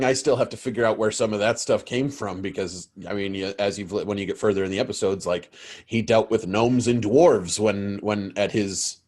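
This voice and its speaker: Low-voiced American game master. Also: male voice. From United States. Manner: explanatory, rambling with restarts. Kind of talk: casual podcast chat.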